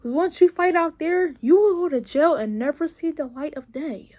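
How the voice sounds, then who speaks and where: A young woman from around tells a casual storytime to her viewers. Her voice sits high, and she talks in an animated, profane way, acting out the people in her story. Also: moderate pace, highs cut off. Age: young adult. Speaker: vlogger.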